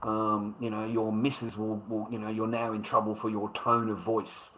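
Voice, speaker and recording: A man's voice: on the low side, completely flat delivery, normal speed, fairly bright tone, slight background noise, poor audio. A man with an Australian accent in a profane, repetitive monologue, stammering as he restarts his sentences. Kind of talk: ranting monologue.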